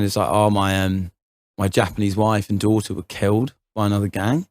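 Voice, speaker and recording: Young man, low voice, rambling story, lots of fillers and restarts, dry close sound. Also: fairly even intonation, fairly quick, darkish tone, no echo. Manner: rambling, many fillers and restarts, laughs often. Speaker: podcast co-host. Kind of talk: casual chat, storytelling.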